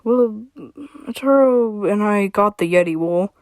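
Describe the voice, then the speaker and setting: A woman voicing a young male stranger with a fox tail, grumpy and stammering, in a slow read-aloud story. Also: mid-range voice, no room sound, natural voice. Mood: eager. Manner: stammering, sighing.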